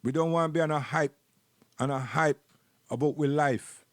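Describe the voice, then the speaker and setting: Jamaican man, rambling live-stream host, raised pitch, preachy, repeats words, dry sound. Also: steady tone, moderate pace, no room sound.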